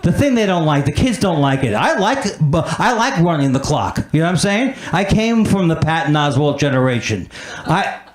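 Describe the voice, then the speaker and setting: A man's voice: fairly high pitch, very animated, moderate pace, a little hiss or hum. A man doing a stand-up comedy set on a club stage, riffing on his own weak jokes and mocking himself. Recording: roomy club sound with a laughing crowd. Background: audience laughter.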